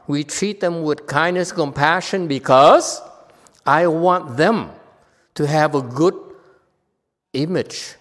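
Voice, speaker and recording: A man's voice: on the high side, takes it slowly, long pauses, fairly bright tone. A man giving a dharma talk as a Chan master, stern yet teasing, laughing at his own jokes. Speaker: Chan master teaching students. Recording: long reverb of a hall.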